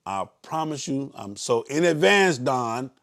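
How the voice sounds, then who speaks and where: Blunt, fiery Southern ride leader. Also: male voice, medium pitch, sing-song, measured pace. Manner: blunt, preachy, swings into loud yelling. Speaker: motorcycle club ride leader. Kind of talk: casual live-stream briefing.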